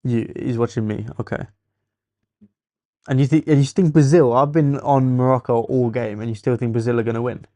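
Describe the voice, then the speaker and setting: A young man with an English accent hosting a casual football watchalong stream, teasing viewers and thinking out loud. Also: medium pitch, fairly even intonation, moderate pace, no room sound.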